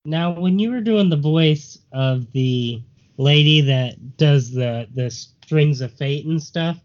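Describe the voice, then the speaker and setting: A man co-hosting a podcast in casual chat, cracking deadpan jokes. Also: a little high, slow pace. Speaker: podcast co-host. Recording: muffled lo-fi audio.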